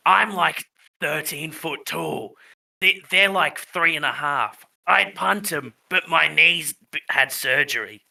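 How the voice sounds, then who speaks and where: A man voicing a huge, old, gruff but kindly male tree-creature in a gravelly voice and a mock Scottish accent that slips into Australian. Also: fairly high pitch, sharp tone, full character voice. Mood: reassuring. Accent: mock Scottish slipping into Australian. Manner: slow, drawn-out delivery.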